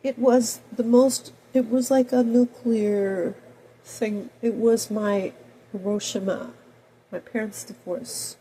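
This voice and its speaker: A woman in her fifties with a cold, talking in a rambling personal monologue that swings between loud outbursts and soft mutters. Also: fairly high pitch, steady tone, slow pace, slight background noise, low-quality recording. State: has a cold. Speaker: video blogger.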